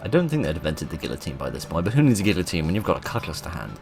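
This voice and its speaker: A gaming host chats casually over his play session, poking fun at himself and giggling between lines. His voice is deep and very animated, rising and falling a lot. Quiet game music runs in the background. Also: racing. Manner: self-mocking, giggly. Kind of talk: casual let's-play commentary.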